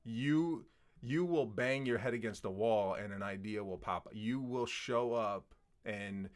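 A man with a somewhat low voice speaks earnestly, in the tone of a motivational talk. He keeps asking rhetorical questions to drive his points home. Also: measured pace. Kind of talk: casual conversation.

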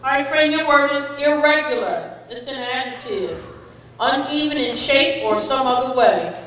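A woman's voice: high-pitched, normal speed, a bit bright, slight background noise. A woman running a spelling bee, patiently reading out each word with its definition and an example sentence, and encouraging each speller as a friend. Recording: echoey hall, voice far from the mic.

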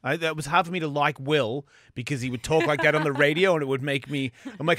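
A male radio host who talks very fast, swearing freely and tripping over his own restarts. His voice sits a little high for a man. It is captured on a dry studio microphone. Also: steady tone, a bit bright, dry recording. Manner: profane, rambling, stammering restarts. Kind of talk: crude casual radio banter.

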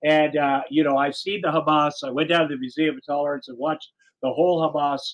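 A talk show host, a man with a slightly high voice, chats casually about politics. He rambles earnestly and restarts his sentences often. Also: little pitch movement, brisk, muffled recording.

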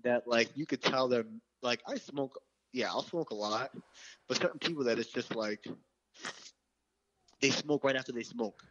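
A man's voice: medium pitch, normal speed, pauses often, a bit bright, dull audio. A young man chatting casually on a podcast, rambling and full of "like". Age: young adult. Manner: rambling, lots of filler "like". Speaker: podcast co-host, host's son. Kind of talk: casual chat.

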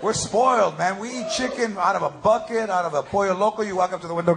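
A middle-aged man doing a live stand-up comedy routine, animated and shouting punchlines while mixing Spanish slang into his English. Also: high voice, fast, creaky, hardly any pauses, background noise. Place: live comedy stage before an audience. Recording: live show with loud audience laughter.

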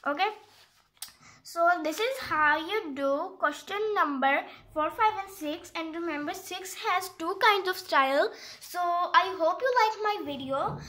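A woman's voice: very high-pitched, measured pace, pushed and bright. A woman explaining a geometry exercise step by step in a casual, rambling way, often stopping to correct herself and apologize. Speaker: math tutorial maker.

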